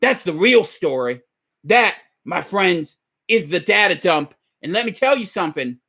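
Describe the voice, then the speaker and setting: A man doing a gravelly ranting talk-show host. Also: lively intonation, a little slow, heavily acted. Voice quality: deep, gravelly. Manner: shouting, preachy rants. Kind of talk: parody radio show host.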